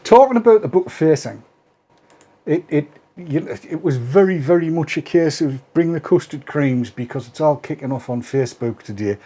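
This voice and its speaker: A man's voice: on the high side, lively intonation, normal speed, warm tone, breathy edge. A man hosting a casual live stream, chatty and teasing as he brings in his guests. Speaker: host.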